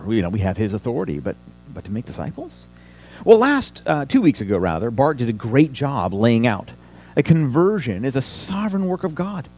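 A man's voice: medium pitch, darkish tone. A man preaching a sermon, teaching a passage step by step and asking the congregation rhetorical questions. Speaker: pastor.

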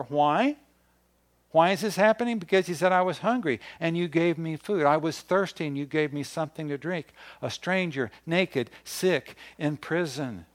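Man preaching a sermon. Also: a little high. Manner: reads scripture aloud, rising in emphasis on key points. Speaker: pastor.

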